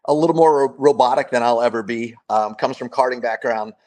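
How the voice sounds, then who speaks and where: A relaxed man chats as a guest. His pitch sits in an ordinary middle range, and he rambles through stories with easy fillers and little laughs along the way. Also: fairly quick. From United States. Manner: relaxed storytelling, chuckles often, many fillers. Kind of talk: casual interview conversation.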